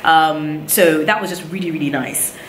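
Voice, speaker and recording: A woman from Nigeria shares a story on her vlog in casual, animated talk. Her voice sits a little low and bounces off the walls of an echoey room. A faint hiss sits under her words. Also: normal speed. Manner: animated retelling, acts out others' lines. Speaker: vlogger, new mother. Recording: roomy echo, faint background noise.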